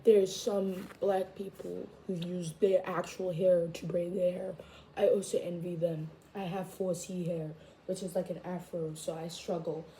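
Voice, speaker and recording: A woman's voice: on the low side, unhurried, a little hiss or hum. Chatty teen girl ranting, echoey room. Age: teens. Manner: chatty, animated, full of "like" fillers. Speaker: vlogger. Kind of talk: casual rant to camera. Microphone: camera or phone mic.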